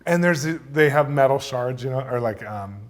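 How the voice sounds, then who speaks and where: A man's voice: medium pitch, normal speed. Man telling a wild story with laughter. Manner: excited, laughs through the telling, acts out voices. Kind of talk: animated storytelling.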